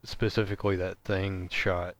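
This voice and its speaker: A man co-hosting a casual movie podcast, hesitant and trailing off softly. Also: low-pitched, level tone, normal speed, no room sound. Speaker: podcast co-host. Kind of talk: casual chat.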